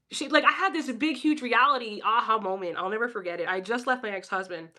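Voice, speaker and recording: A woman's voice: on the high side, quick pace, pushed and bright. A woman from Philadelphia giving a casual, profane pep talk on a livestream and answering her chat. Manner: blunt, profane, talks straight to chat.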